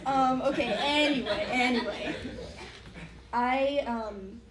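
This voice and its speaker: A woman's voice: a little high, slow pace, crowd noise. A young woman doing a stand-up set before a live audience, with a wry, self-deprecating manner and many fillers. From United States. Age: young adult. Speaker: student stand-up comic. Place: large hall with a live audience. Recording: echoey hall, noisy live mic.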